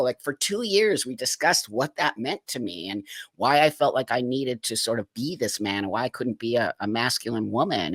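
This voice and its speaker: A man's voice: medium pitch, no echo. A middle-aged man speaking as an interview guest, telling his life story frankly and with energy, sometimes acting out other people's voices. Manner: frank, lively, acts out voices in anecdotes. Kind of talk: candid personal storytelling.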